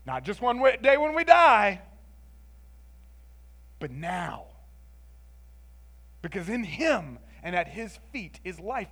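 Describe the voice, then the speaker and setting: A man preaching a sermon in an expressive, conversational way, moving between emphatic lines and hushed ones and often adding "like" and "right?". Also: high-pitched.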